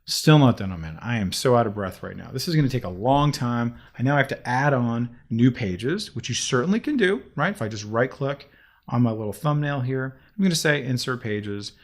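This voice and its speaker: A man at medium pitch teaches software in a chatty, animated way. He talks himself through each step of a screen-recorded tutorial.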